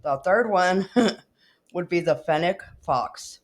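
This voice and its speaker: A woman's voice: on the low side, animated, slow pace. A young woman from Texas hosting a casual chat, laughing often as she talks. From El Paso, Texas. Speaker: host.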